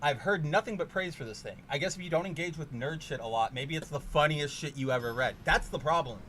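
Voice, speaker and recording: A man streaming a card game, ranting and swearing, with sudden loud outbursts in casual chat. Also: a little high, brisk, slight background noise.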